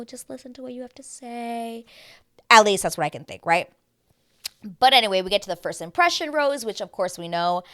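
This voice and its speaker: A woman in her thirties giving a chatty, animated recap, breaking into playful voices when she quotes people. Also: on the low side, clear, resonant tone. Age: 30s. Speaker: host. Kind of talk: casual recap chat.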